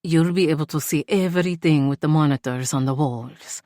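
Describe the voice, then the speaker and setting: A woman voicing a protective man who stays calm and firm with his lover, in a lowered, hushed put-on voice for an audiobook. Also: a little fast, no echo, studio quality, lightly acted. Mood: urgent.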